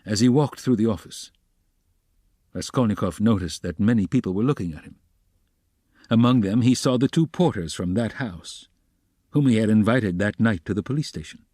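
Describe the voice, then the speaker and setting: A man narrating a classic novel as an audiobook reader, steady and even. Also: on the low side, moderate pace, no room sound, studio quality. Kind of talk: scripted narration.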